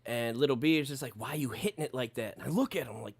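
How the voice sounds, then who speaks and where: A man's voice: mid-range voice, rapid-fire, creaky, husky, dry recording. A man casually telling a story in a podcast chat, cursing freely and acting out what people said. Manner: profane, animated storyteller acting out quotes.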